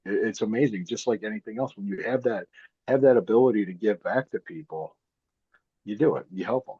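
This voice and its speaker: A man's voice: fairly low pitch, a little fast, slightly rough, no echo, lo-fi sound. A man, a wrestler guest chatting casually, rambling and repeating himself with frequent laughs. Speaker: guest, pro wrestler and podcaster. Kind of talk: casual interview chat.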